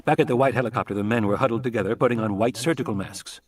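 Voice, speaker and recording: Male live audiobook reader: husky, mid pitch, distant mic. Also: very fast.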